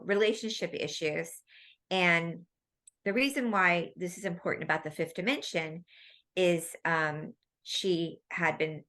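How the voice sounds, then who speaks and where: A woman with a bright, forceful voice and a slightly low pitch tells stories as an interview guest. Her talk is casual and rambling, with many asides. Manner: animated, rambling storytelling. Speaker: guest, medical intuitive medium.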